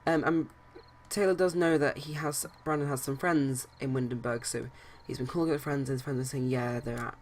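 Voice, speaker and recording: A man's voice: medium pitch, fairly even intonation, brisk, few pauses, slight background noise. A man casually narrating his life-sim game let's play, rambling with many hesitations and restarts. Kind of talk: casual game commentary and storytelling.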